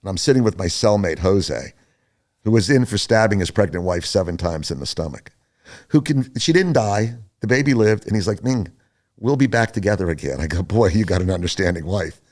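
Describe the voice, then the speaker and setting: An older man, a podcast guest, telling a story casually, animated and profane. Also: low voice, fairly quick.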